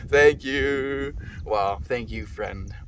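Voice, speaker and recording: A man's voice: mid-range voice, drawn-out words, recorded from a distance, slight background noise. A man with a South African accent, livestreaming and casually reading out and answering viewers' comments by name.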